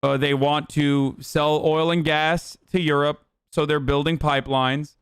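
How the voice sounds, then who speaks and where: A man's voice: fairly high pitch, flat delivery, a little slow, a bit bright, clear, resonant tone, no room sound, studio quality. A man in his thirties streaming casual, profane political commentary, ranting heatedly and sarcastically at a desk microphone. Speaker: streamer reacting to news.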